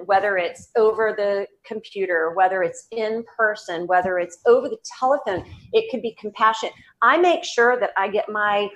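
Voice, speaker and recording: A woman with a Southern accent, a psychic medium talking as a guest in an interview, animated and laughing, with many fillers and restarts. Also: medium pitch. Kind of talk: casual interview talk.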